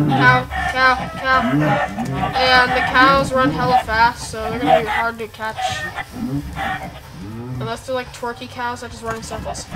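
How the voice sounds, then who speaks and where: A young woman casually commenting on her gameplay, excitable and prone to bursts of squealing shouts. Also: a little high, a little slow, long pauses, over loud music, rough recording. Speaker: gaming channel host.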